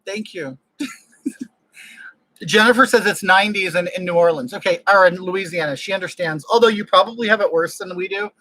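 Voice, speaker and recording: A man hosts a casual home livestream and greets viewers in a gushing, exclamatory way. His voice sits high and sounds bright. The microphone catches it close and dry. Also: fairly quick, no echo, rough recording. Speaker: livestream host. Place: home room with air conditioning. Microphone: desk microphone.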